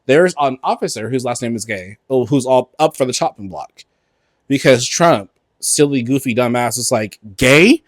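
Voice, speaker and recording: A man's voice: medium pitch, moderate pace, no room sound. A man, co-hosting a podcast in a casual, profane, campy rant. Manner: animated, profane, campy, switches into mocking voices. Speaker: podcast co-host.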